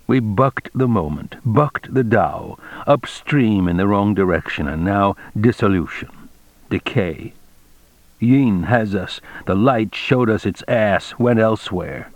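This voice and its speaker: A man narrating an audiobook in a measured, expressive reading style. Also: fairly low pitch, no echo. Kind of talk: scripted narration.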